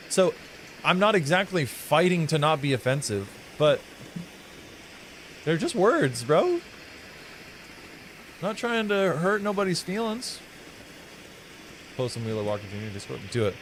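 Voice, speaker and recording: A man with a mild, flattened American Southern accent, rambling, swearing and musing playfully while he streams a game. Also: fairly high pitch, a little hiss or hum, rough recording. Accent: mild American Southern, partly flattened. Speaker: live streamer. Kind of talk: casual gameplay commentary.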